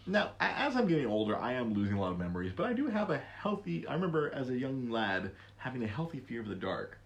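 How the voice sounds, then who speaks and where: A man in his thirties hosting a casual podcast chat, talking haltingly with lots of restarts and frequent laughter. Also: medium pitch, sing-song, lo-fi sound. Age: 30s. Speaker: podcast host.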